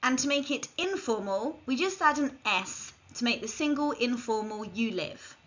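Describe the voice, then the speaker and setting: A woman's voice: on the high side, expressive, normal speed, a bit bright. A woman giving a scripted language lesson, carefully modelling phrases for learners to repeat. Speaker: language teacher. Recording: dull lo-fi recording.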